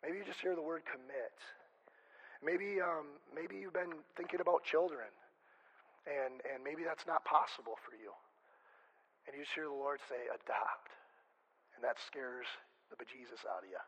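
A man's voice: on the high side, moderate pace, a bit bright, husky, rough recording. A male pastor preaching a conversational sermon, chatty and joking, often stopping and restarting mid-sentence. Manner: chatty, self-interrupting, joking asides.

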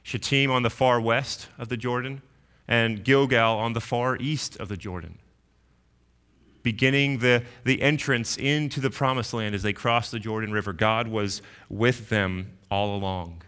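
A man's voice: medium pitch, moderate pace, a bit bright, smooth. A man preaching an expository sermon in an earnest teaching tone, often repeating words as he thinks.

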